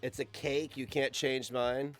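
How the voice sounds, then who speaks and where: A man's voice: mid-range voice, little pitch movement, unhurried, soft background music. An American young man streaming from his computer, chatting in a rambling, crude, sarcastic way. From United States. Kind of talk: casual stream chat. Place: home computer setup.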